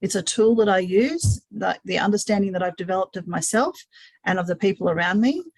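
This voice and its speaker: A woman hosts a live-streamed webinar in an earnest, thinking-aloud way, often doubling her words. Her voice sits at a middle pitch. The sound is dry and close, with no room echo. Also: a little fast, slightly rough. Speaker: webinar host.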